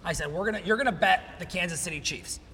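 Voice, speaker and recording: A man with a high voice tells a story on a podcast, animated and quick to act out what others said. The sound is roomy with a long tail of reverb. Faint noise sits underneath. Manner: animated, retells quotes in lively bursts. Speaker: podcast host. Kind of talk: casual storytelling chat.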